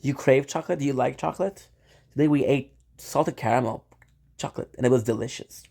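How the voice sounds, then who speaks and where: A man's voice: mid-range voice, a little fast, gravelly, mellow, breathy edge. Playful man chatting on stream. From Canada. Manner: playful, rambling, talks straight to viewers. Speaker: live streamer. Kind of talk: casual live-stream chat.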